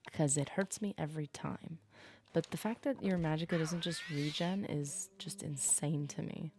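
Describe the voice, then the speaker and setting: A woman's voice: low-pitched, dark tone, slight background noise. A woman streaming a game, chatting casually to her viewers as she plays and rambling from topic to topic. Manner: chatty, rambling, talks to chat while playing. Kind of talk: casual live-stream commentary.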